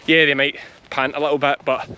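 A man's voice: fairly high pitch, level tone, fairly quick, pushed and bright, smooth, muffled recording. A middle-aged man with a Scottish accent, a sheep farmer hosting his own video and chatting casually as he works, now and then calling commands to a young dog. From west of Scotland. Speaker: sheep farmer and channel host. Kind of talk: casual vlog commentary while working. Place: outdoors in a large sheep field.

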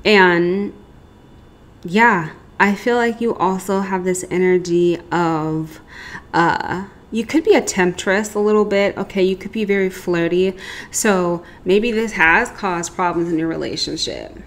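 A woman's voice: on the low side, measured pace. A woman giving a casual, chatty tarot reading, rambling with lots of asides. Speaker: tarot reader.

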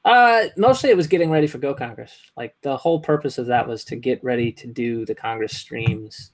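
A man's voice: mid-range voice, a little fast. A young man as a podcast guest in casual chat, rambling with many "like"s and "right?"s.

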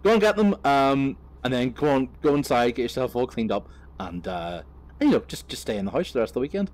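A man's voice: medium pitch, lively intonation, fairly quick, creaky, a little mellow, pitched above the performer's own voice. A man voicing an easygoing, eccentric homeowner who shrugs off a shocking situation, in a storytelling vlog. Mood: breezy. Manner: breezy, offhand. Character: unbothered eccentric homeowner, laid-back man.

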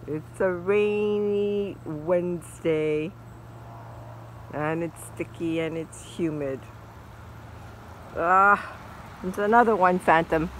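A woman vlogging outdoors in a yard, talking to her dog in high sing-song baby talk. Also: takes it slowly, long pauses, fairly bright tone, a little hiss or hum.

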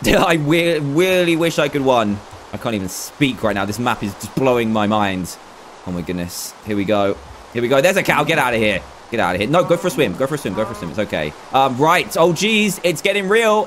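A young man giving excitable, dramatic running commentary as he plays a video game. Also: medium pitch, a little hiss or hum. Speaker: gaming YouTuber. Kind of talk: Let's Play commentary.

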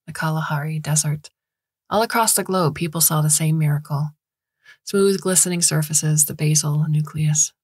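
A woman narrating a science fiction story in a measured, even reading voice. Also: sits low, husky, no room sound, clean studio sound. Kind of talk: scripted narration.

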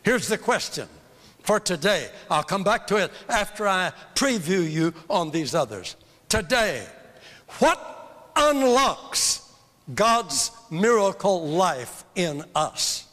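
Older male preacher for a teaching sermon: high, lively voice, slow and fervent, with a long hall echo. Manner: emphatic, fervent, repeats phrases for emphasis. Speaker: evangelist teaching a seminar. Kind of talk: sermon-style seminar teaching. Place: church hall. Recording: long reverb of a large hall.

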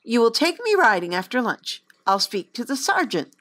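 A woman's voice: on the high side, sing-song, moderate pace, a bit bright. A woman voicing a bossy, haughty young noblewoman who talks in an imperious, demanding way.

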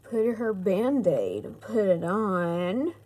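A woman playing with a toy doll in a casual video, soft and cooing as if talking to a baby. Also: mid-range voice, sing-song, slow, a little hiss or hum, low-quality recording. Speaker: toy reviewer.

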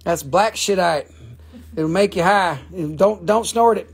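A man's voice: high-pitched, measured pace, gravelly, slightly rough. A man hosting a casual live stream, selling rocks with profane, rambling jokes. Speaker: live stream rock seller.

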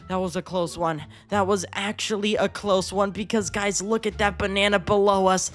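A man giving excitable gameplay commentary, gasping at scares and calling the viewers dude. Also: mid-range voice. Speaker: gaming YouTuber.

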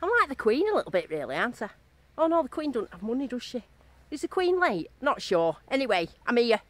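Bubbly high-voiced woman vlogging. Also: sing-song, fast talker, no echo. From England. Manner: bubbly, giggly, gushing. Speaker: metal detecting vlogger. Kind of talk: excited casual vlog. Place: outdoors at a field rally, some driving in a car.

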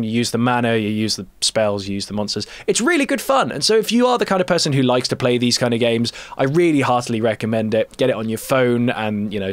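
A man's voice: medium pitch, fairly bright tone, no room sound. Chatty young man commentating a card game. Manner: chatty, rambling and self-deprecating. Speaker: let's play host. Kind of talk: casual gameplay commentary.

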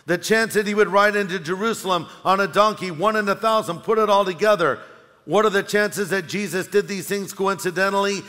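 A man's voice: high voice, sharp tone. A middle-aged male pastor giving a sermon, telling stories and joking wryly with the congregation. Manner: storytelling, wry, addresses the congregation. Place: large church hall. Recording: long hall reverb.

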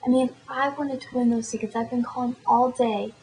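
A teenage girl voicing her excitable girl friend on the phone, gushing and squealing in disbelief. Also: a little high, fairly quick, slight background noise, natural voice, rough recording. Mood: thrilled.

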